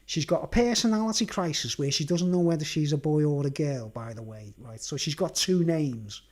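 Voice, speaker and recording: A man's voice: on the high side, sing-song, fairly quick, hardly any pauses, a little mellow. A man rambling through a casual rant, laughing often and tagging his sentences with "right?" and "mate". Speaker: video blogger. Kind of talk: casual ranting monologue.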